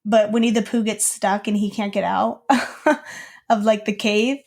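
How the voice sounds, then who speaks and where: A woman's voice: medium pitch, steady tone, a little slow, vocal fry, a little mellow. A young woman co-hosting a podcast, telling a childhood story in casual chat with lots of fillers. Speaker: podcast co-host.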